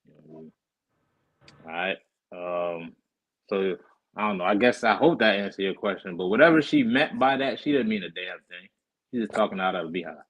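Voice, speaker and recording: Man, lowish voice, casual teacher, live stream call mic, keeps checking in with listeners. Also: a little fast, long pauses, poor audio. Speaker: class teacher.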